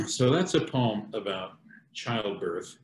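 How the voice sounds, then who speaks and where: Slow, unhurried man reading poetry. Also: medium pitch, expressive, gravelly, a little mellow. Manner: slow, conversational, with hesitations and asides. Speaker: poet and painter. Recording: echoey room.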